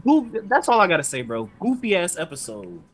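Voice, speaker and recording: Podcast co-host, male, a bit high-pitched; heated, sarcastic, profane rant. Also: huge pitch swings, a little fast, low-quality recording. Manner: heated, sarcastic, swears constantly. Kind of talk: profane ranting anime recap.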